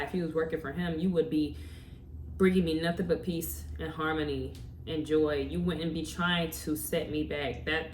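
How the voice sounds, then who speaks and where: A woman's voice: low voice, slight background noise. A woman talking to camera in a motivational story-time vlog, speaking conversationally and firing off rhetorical questions at her viewers. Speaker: vlogger. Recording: roomy echo, distant from mic, faint ambience.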